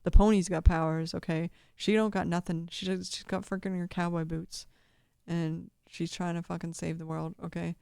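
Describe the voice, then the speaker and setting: A woman's voice: on the low side, flat delivery, normal speed, gravelly, darkish tone, smooth, dry recording, clean studio sound. A woman giving casual, rambling video commentary, swearing constantly and laughing often.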